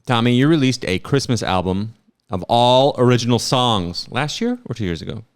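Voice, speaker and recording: A man's voice: mid-range voice, animated, normal speed, clear, resonant tone. A man hosting a comedy podcast, telling rambling stories with restarts and frequent laughs. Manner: rambling storyteller, trails off and restarts, laughs a lot. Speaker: podcast host. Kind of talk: casual comedy chat.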